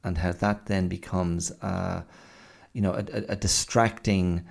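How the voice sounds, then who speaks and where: Man, very low voice, gravelly fry, rambling casual monologue, self-deprecating. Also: fairly even intonation, a little slow. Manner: rambling, self-deprecating storytelling with many fillers. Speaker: podcast host.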